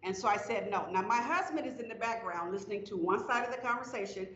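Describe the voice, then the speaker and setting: A middle-aged woman, a company executive being interviewed, telling stories expressively with her pitch rising and falling as she goes. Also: fast talker. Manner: expressive storyteller, rises and falls in pitch with the story. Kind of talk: storytelling interview on stage. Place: festival stage. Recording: roomy, slightly muffled stage sound with faint noise.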